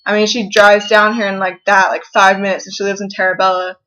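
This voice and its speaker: A woman's voice: mid-range voice, level tone, sharp tone, slight background noise, rough recording. Tearful young woman rambling in her bedroom. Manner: rambling, halting, with many fillers and restarts. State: tearful, upset. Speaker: vlogger. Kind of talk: confessional vlog.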